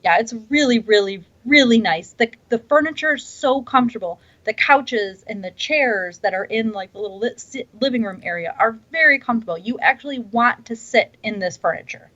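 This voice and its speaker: A woman's voice: a little high, lively intonation, normal speed, hardly any pauses, fairly bright tone. A woman chatting casually on a podcast, enthusiastic and restarting her sentences often. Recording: dull lo-fi sound.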